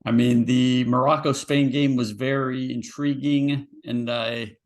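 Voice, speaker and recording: A man's voice: medium pitch, steady tone, a little slow. A man co-hosting a podcast in casual chat, easygoing, often stammering and laughing. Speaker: podcast co-host.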